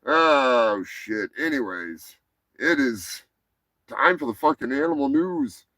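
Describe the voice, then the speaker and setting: A man's voice: medium pitch, expressive, slow, bright, forceful tone, no room sound, rough recording. A man hosting a casual live comedy show, talking in a profane, rambling, offhand way. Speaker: host.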